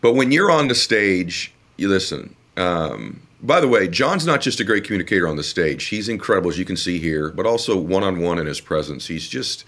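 A man hosting an interview podcast, introducing his guest with emotion and halting, filler-laden praise. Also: low-pitched, a bit bright. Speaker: podcast host.

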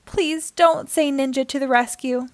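A woman voicing a frazzled dad who pleads and tries to stay calm. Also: sits high, a little slow, no room sound. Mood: pleading calm. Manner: pleading, wailing.

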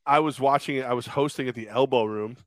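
A podcast co-host with a mid-range voice talks fast in casual, rambling chat, telling crude stories and acting out quotes. The recording has no room sound.

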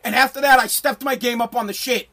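A middle-aged man ranting in a brash, profane, emphatic way, now and then bursting into shouts. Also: very high voice, fairly even intonation, fast talker. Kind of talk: ranting monologue.

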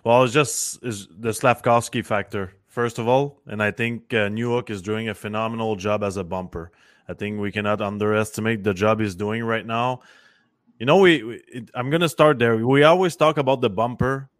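A man's voice: fairly low pitch, fairly even intonation, normal speed, dry recording, clean studio sound. A man, a former hockey player, giving casual and earnest analysis as a podcast guest, often restarting his sentences.

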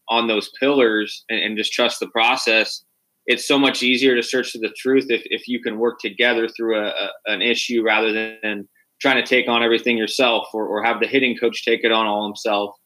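A man hosting a coaching podcast, talking in a measured, conversational way. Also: medium pitch, level tone, sharp tone, rough recording. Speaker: podcast host. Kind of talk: casual interview talk.

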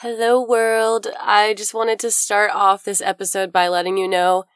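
A woman's voice: mid-range voice, fairly even intonation, moderate pace, a bit bright, clear, resonant tone, dry recording, faint music behind. Chatty young woman host, getting over a cold. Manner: chatty storytelling, lots of "like". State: recovering from a cold. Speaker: podcast host. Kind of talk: casual chat.

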